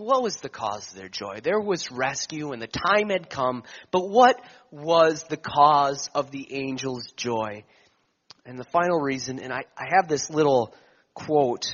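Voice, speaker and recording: A man preaching a sermon, slow and emphatic, his voice swelling and then dropping to near whispers. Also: mid-range voice, a bit bright, muffled recording.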